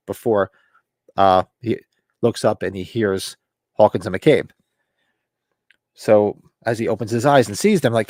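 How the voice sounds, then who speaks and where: Male host, casual rambling recap, mid-pitched voice, dry close sound. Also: moderate pace, pauses often, darkish tone, no echo. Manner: rambling, loose retelling with fillers and acted quotes. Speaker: podcast host. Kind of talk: casual book club recap.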